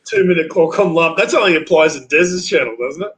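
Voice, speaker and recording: Man, live-stream host, blunt, swears, halting, slightly high voice. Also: crowd noise, poor audio. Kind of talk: casual chat.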